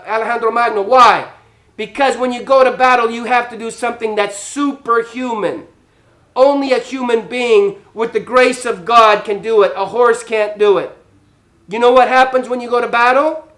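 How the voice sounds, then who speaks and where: A man teaching a children's Bible lesson as a priest, animated, acting out scenes and dropping Spanish words into his English while quizzing the kids. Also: very high-pitched.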